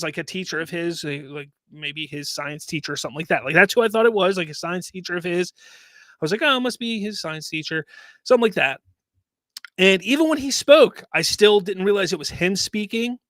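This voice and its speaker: A man hosting a casual solo commentary show, talking in an animated, rambling way and repeating himself. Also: a little high, no echo, studio quality. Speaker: host.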